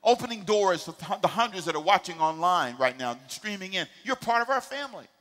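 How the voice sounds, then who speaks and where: A middle-aged male pastor preaching a sermon, with emphatic call-and-response delivery that swings from quiet asides to shouting. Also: high voice, expressive, fairly quick, long reverb tail. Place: church sanctuary.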